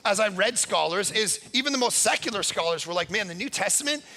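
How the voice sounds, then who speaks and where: A man preaching as a guest pastor, energetic and emphatic, keeping it conversational with frequent rhetorical "right?" checks. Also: sits high, fast talker, long reverb tail. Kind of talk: sermon.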